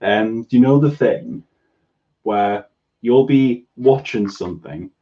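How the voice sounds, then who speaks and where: A man's voice: medium pitch, takes it slowly, highs cut off. A man with a Newcastle Geordie accent hosting a casual livestream chat, stammering and restarting his sentences a lot. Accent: Northeast English, Newcastle. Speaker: host.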